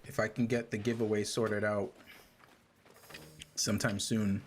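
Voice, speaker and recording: A man casually chatting to his viewers while playing a game, with hiccups and frequent throat clearing. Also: fairly low pitch, measured pace, pauses often, a little hiss or hum. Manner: relaxed, chatty, answers chat questions. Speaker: streamer. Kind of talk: casual gaming livestream chat.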